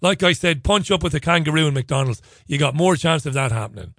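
A man's voice: on the high side, lively intonation, fast talker, fairly bright tone, dry recording, studio quality. Chatty sarcastic male radio host. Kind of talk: opinionated radio monologue.

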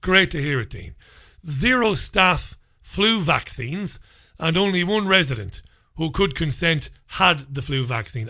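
A man's voice: on the high side, lively intonation, unhurried, pushed and bright. Sarcastic, rambling male radio host. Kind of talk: opinionated talk radio monologue.

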